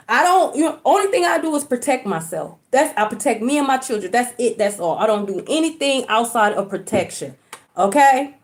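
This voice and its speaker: A woman's voice: a little high, animated, fairly quick. A woman giving a casual livestream spiritual reading, chatty and colloquial, often checking in with "okay?" and cursing casually. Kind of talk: casual livestream talk to viewers. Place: at home, indoors.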